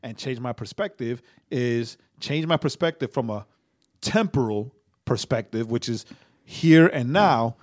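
A man's voice: mid-range voice, expressive, a little slow. Rambling man on a faith podcast. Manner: rambling, tags sentences with "right?"; stammering restarts. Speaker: podcast co-host. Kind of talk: casual faith podcast chat.

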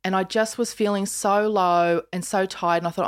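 This Australian podcast host, a woman in her fifties, has a smooth mid-range voice at a normal speed. Chatting casually, she tells stories with animation and acts out the quoted voices of the people involved.

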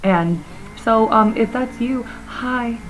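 A young woman co-hosting a podcast in rambling casual chat, her voice slightly hoarse and froggy. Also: a little high, slow, heavy background noise. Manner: rambling, chatty, laughs often. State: slightly hoarse, froggy from talking loudly at a bar. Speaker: podcast co-host.

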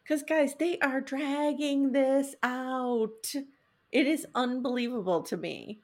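A woman co-hosting a podcast in casual chat, upbeat and quick, laughing often. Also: sits high, darkish tone. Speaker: podcast co-host.

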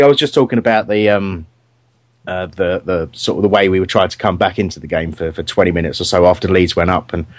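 A man's voice: sits low, no echo. A man hosting a casual radio show, rambling through a football match review with many fillers and restarts.

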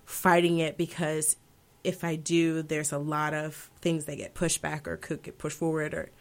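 Young woman opera singer, low-pitched. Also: level tone, normal speed. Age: 20s. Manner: thoughtful, rambling with fillers and self-corrections. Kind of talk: casual interview answers.

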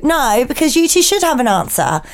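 A woman's voice: sits high, very animated, fairly quick. A young woman with a Home Counties English accent, co-hosting a casual chat and arguing her point with provocative, swearing banter. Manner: chatty, provocative, swears freely. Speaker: podcast co-host.

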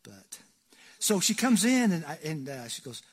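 Pastor, male, high husky voice, folksy joking sermon delivery with loud peaks and quiet asides. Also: sing-song, measured pace. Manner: folksy, joking, swings between loud emphasis and hushed asides.

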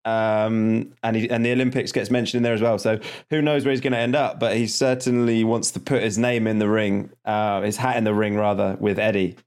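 A man co-hosting a rugby podcast, summarising a news story in a measured, thoughtful way. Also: lowish voice, level tone, a little mellow, smooth. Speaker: podcast co-host. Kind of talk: casual chat.

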